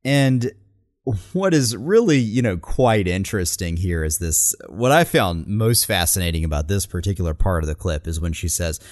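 Male co-host, animated analytical chat, low voice, dry close recording. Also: moderate pace, no echo. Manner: animated, quotes speech lines with emphasis. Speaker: podcast co-host analyzing speeches.

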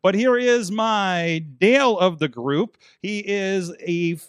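A man's voice: high voice, takes it slowly, smooth, no room sound, studio quality. A man hosting a wrestling podcast, rambling and joking, laughing often between lines. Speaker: podcast host. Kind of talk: casual chat.

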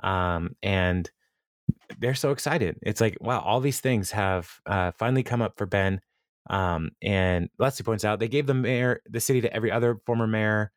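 A man's voice: lowish voice, moderate pace, no room sound, studio quality. A man hosting a podcast, casually recapping episodes, rambling and often laughing as he quotes characters. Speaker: podcast host.

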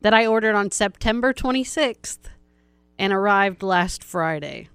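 A woman's voice: mid-range voice, lively intonation, a little slow, a bit bright, clean tone, no echo. A woman co-hosting a podcast, chatting in a playful, teasing way. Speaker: podcast co-host. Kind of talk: casual chat.

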